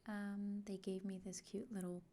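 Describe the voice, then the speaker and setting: A woman giving a soft-spoken unboxing vlog, often sliding into a whisper and talking slowly and gently. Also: mid-range voice, flat delivery. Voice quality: frequently whispered. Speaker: art vlogger.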